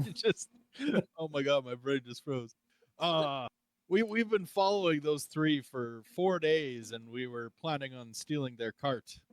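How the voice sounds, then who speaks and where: A man's voice: mid-range voice, a little slow, no echo. A man playing in a tabletop role-playing game, laughing and joking. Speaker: player.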